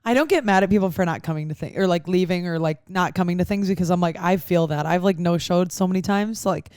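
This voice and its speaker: A woman's voice: fairly low pitch, fast talker, clear, resonant tone, dry recording, studio quality. A young woman, hosting a podcast and telling stories in casual chat, acting out other people's lines. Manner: animated storyteller, acts out other people's lines. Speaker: podcast host.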